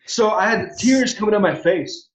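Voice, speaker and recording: High-voiced earnest man in his forties. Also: expressive, normal speed, echoey room. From Southern California. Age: 40s. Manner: earnest and repetitive, restarts phrases. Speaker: interview guest, former pro baseball player. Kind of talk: heartfelt personal storytelling. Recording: dull lo-fi audio.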